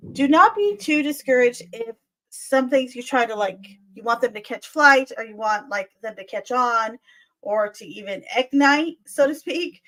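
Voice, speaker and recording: A woman's voice: fairly high pitch, a bit bright, rough recording. Chatty woman reading tarot live. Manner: chatty and soothing, calls viewers "my dear" and "lovey". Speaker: tarot reader.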